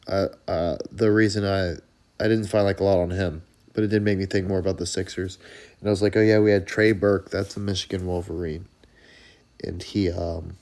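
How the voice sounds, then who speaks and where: Low gravelly man rambling about sports. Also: a little mellow. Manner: rambling, profane, calls himself Coach in third person. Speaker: sports show host. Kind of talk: casual sports chat.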